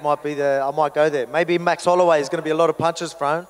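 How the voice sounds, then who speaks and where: A man with an Australian accent, a fighter answering questions at a press event in a relaxed, joking way. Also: a little high, fast talker, long reverb tail. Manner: laid-back, joking, self-deprecating. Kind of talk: casual press conference answers.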